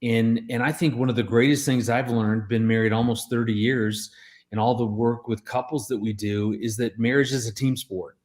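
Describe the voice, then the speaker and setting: A man in his forties telling a story on a radio talk show. he's earnest and animated, trips over his words and starts over a lot, and sits at an average pitch. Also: moderate pace. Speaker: guest, marriage expert.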